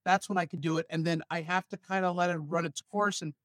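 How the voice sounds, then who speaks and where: A male stand-up comedian from Los Angeles, telling stories with animated asides in a casual podcast chat. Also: fairly high pitch, fast talker, no room sound. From San Fernando Valley, Los Angeles.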